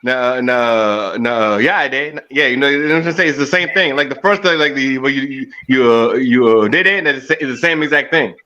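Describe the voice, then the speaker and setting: A man from Sierra Leone in a casual group chat, talking haltingly with many ums and restarts. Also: mid-range voice, bright, forceful tone, lo-fi sound.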